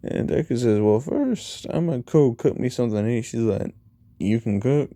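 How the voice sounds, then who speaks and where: A man's voice: medium pitch, expressive, moderate pace, warm tone, no room sound. A man casually telling a fan-made story, rambling through it and retelling each line of dialogue with "he's like" and "you know". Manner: rambling, retells dialogue with 'he's like' and 'you know'.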